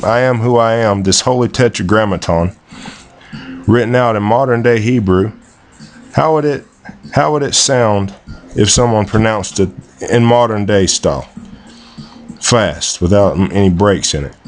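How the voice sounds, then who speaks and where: Guy talking real slow over a screen recording, lowish voice, takes his time, faint music under it. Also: darkish tone. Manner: slow and deliberate, repeats words, spells out pronunciations. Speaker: self-made video presenter.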